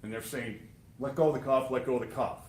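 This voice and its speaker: A man's voice: mid-range voice, steady tone, fast. A man giving a prosecutor's closing argument to a jury, emphatic and sarcastic. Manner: emphatic and sarcastic, addressing jurors. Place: courtroom. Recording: echoey courtroom sound.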